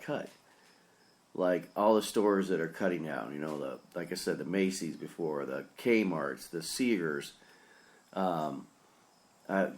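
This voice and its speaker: A man's voice: low voice, a little mellow. A man, a pastor, giving a rambling, opinionated solo podcast commentary in a casual, earnest way.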